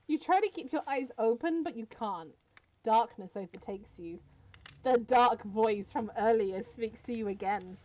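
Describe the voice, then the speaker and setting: A young woman streaming, reading a dating game aloud in an animated, giggly way. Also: a little high, measured pace.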